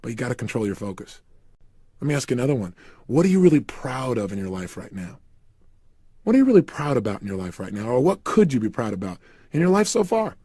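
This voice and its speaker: A man's voice: mid-range voice, big pitch swings, quick pace, mellow, breathy edge, no room sound, clean studio sound. A man giving a guided motivational talk, emphatically firing repeated questions at the listener. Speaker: motivational speaker.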